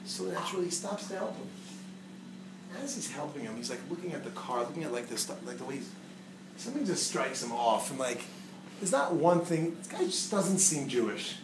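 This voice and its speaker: A man giving a humorous teaching talk to a live audience, quizzing them with quick questions. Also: a little high, animated. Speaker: speaker teaching a class. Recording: echoey room, distant mic, noisy.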